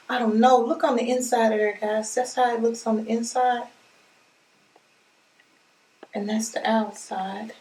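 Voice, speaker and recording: A fairly high-voiced woman gushes her way through an unboxing, talking right to her viewers. She sounds a little distant from the mic. The room echoes around her. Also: moderate pace, hardly any pauses, slight background noise. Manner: excitable, gushing, talks straight to viewers. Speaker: unboxing vlogger. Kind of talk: casual unboxing chat. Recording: roomy echo, mic at a distance.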